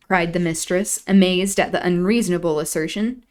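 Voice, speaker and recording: A woman hosting a stream, reading a classic novel aloud in a measured, expressive narration. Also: fairly low pitch. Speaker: host.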